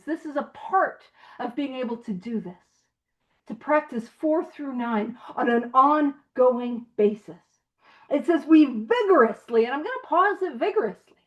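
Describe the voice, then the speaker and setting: High-voiced, animated woman leading a study. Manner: animated, playful, laughing asides, puts on silly voices. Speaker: study group leader. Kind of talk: teaching a recovery book study online.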